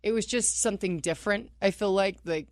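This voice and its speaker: A woman in her thirties tells stories from her career on a radio talk show. She talks in a lively, animated way, laughing and acting out what others said. The sound is dry and close. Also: medium pitch, brisk, dry recording. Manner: animated, laughs often, acts out quotes. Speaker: wrestler guest. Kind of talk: casual radio interview storytelling.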